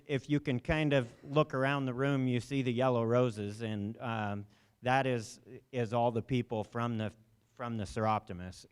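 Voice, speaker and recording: A man's voice: medium pitch, clean tone. A man emceeing a memorial service in a lecture hall, speaking into a handheld microphone and telling anecdotes, briefly mimicking voices in his quotes. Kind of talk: speaking to a gathering.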